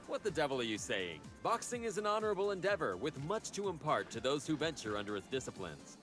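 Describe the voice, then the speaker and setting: A man voicing a confident young Teddy Roosevelt in a video game, speaking in brisk, lofty, old-fashioned phrasing. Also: a little high, very animated, fairly bright tone, faint music behind. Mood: earnest. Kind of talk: video game character voice acting.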